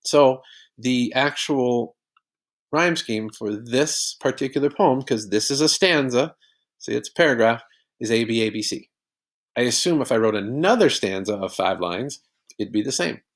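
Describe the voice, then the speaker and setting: Male teacher, gravelly mid-pitched voice, patient step-by-step explainer for a recorded lesson. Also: animated, normal speed.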